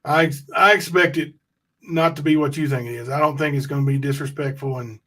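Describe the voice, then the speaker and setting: A man's voice: on the high side, steady tone, a little fast, pushed and bright. Man hosting a livestream, skeptical. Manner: interjects, skeptical, corrects details. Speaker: livestream host. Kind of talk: casual livestream chat.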